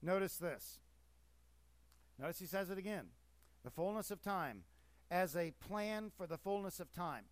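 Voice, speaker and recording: A man preaching from the pulpit, pressing his points with emphatic, swelling force. His voice sits a bit above the usual pitch for a man. The sound is close and dry, with no room around it. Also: animated, unhurried, long pauses, no echo. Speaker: pastor. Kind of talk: sermon.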